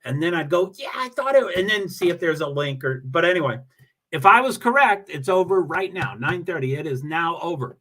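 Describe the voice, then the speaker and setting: A man's voice: fairly high pitch, expressive, brisk, fairly bright tone. A man hosting a casual livestream, greeting viewers and reading their comments, talking in a rambling, self-deprecating way with many restarts.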